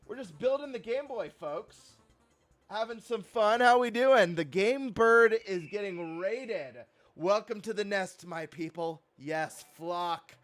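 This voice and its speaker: Hyped high-voiced male streamer. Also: slow, no echo, faint music behind. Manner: excitable, hyped, greeting viewers. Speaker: live streamer host. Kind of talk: casual live-stream chat.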